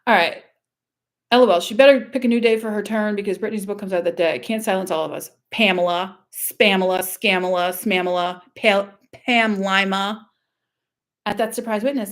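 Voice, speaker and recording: A woman from Louisiana, USA, with a medium-pitched voice and moderate pace, reads screenshots aloud in a casual vlog. An online commentator, she's blunt, sarcastic and profane.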